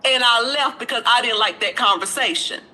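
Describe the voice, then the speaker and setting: A woman talks on a live stream in a bright, forceful tone that sits a bit high. She is defiant and confrontational, circling back to the same points. Her phrasing is blunt and casual. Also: a little fast, low-quality recording. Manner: confrontational, repetitive, calling people out.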